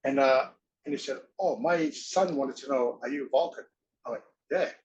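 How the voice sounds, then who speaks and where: A man interviewed as a guest, telling stories in a rambling, excitable way, acting out quotes and swearing now and then. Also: medium pitch, dull audio. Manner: excitable rambling storyteller, acts out quotes, swears, halting grammar. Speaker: interview guest, former wrestler and actor. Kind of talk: casual storytelling.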